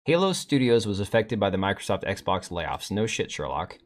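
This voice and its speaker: A man's voice: lowish voice, big pitch swings, moderate pace. A middle-aged man hosting a live stream, rambling bluntly with profanity as he reads and answers chat.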